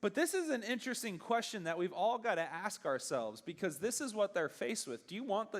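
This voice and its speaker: High-voiced young man preaching to youth. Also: very animated. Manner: conversational, acts out dialogue in quick bursts. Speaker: youth pastor. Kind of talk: casual youth sermon.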